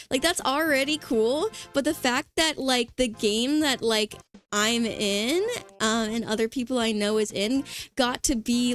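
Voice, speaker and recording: A woman VTuber chatting casually on a livestream, excitable and rambling with lots of fillers. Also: a little high. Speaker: VTuber streamer.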